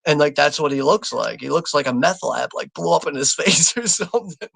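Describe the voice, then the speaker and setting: Gravelly, bright-voiced swearing American man. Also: fairly high pitch, brisk, no room sound. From United States. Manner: profane, laughing, rambling. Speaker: watch party host. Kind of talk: live movie commentary reading chat.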